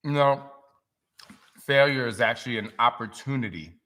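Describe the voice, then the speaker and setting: Bright, animated male host. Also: medium pitch, moderate pace. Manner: animated, emotional storytelling. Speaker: fitness trainer hosting a live stream. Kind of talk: casual live-stream chat.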